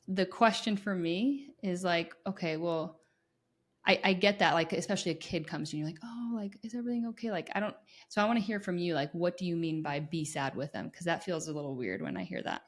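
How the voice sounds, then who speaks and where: A woman in a casual podcast chat, asking questions and thinking out loud with lots of "like". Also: lowish voice. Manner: questioning, thinks aloud with many "like" fillers.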